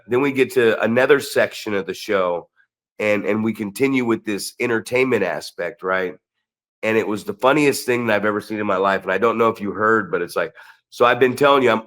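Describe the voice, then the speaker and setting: Excitable man telling a story. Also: fairly low pitch. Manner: animated, excitable storyteller with many restarts. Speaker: podcast co-host and wrestling promoter. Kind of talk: casual storytelling chat.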